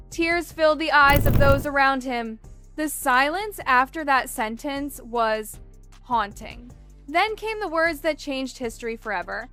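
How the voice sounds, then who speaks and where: Female narrator, dramatic scripted storytelling, high pitch, bright crisp voice. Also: a little slow, soft background music.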